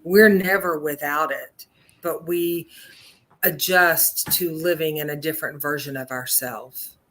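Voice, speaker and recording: Talk show co-host, woman, bright tone, earnest and reflective, lots of fillers. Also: low voice, measured pace, a little hiss or hum. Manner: earnest, thoughtful, many fillers. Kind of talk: casual talk show chat.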